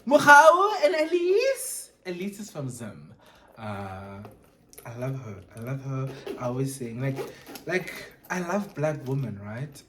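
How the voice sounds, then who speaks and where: A vlogger chatting casually through an unboxing, gushing and animated, switching between English and Sesotho. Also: mid-range voice, slow.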